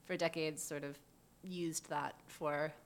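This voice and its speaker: A woman's voice: sits low, fairly even intonation, takes it slowly. Chatty woman explaining at length. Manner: explains at length with many "like" fillers. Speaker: guest; urban designer. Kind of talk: casual podcast chat.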